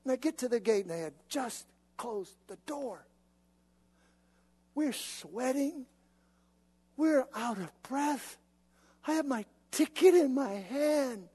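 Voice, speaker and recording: Man, pastor, sermon, animated storyteller, conversational, long hall reverb. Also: very high voice, slow pace, pauses often, slightly rough.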